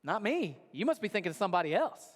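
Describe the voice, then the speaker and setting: A man doing Peter, brash boastful disciple, blunt, insistent, high voice, reverberant hall. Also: sing-song, fast talker. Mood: evasive.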